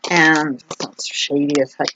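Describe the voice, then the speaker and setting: A woman's voice: sits low, level tone, a little slow. A woman vlogger talking casually to camera in a meandering, chatty way, with lots of "like" and restarts. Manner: chatty, meandering, heavy use of "like". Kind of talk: casual rambling monologue. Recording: dull lo-fi with faint noise.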